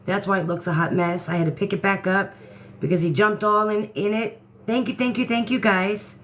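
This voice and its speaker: A woman's voice: medium pitch, fairly even intonation, normal speed. A woman hosting a casual live stream from home, greeting viewers by name and chatting as she reads the comments. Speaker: livestream host. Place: indoor room at home.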